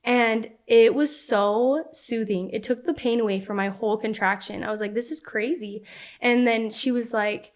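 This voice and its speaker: Her voice a touch high, a young woman on a podcast tells a personal story in a casual, animated way. She keeps a moderate pace with hardly any pauses, leans on "like" a lot, and acts out the quotes.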